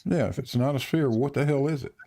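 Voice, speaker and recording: A man's voice: medium pitch, a little fast, warm tone. A man with a Southern US accent hosting a stream, talking casually and joking with fillers and restarts. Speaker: host of a live stream. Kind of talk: casual chat.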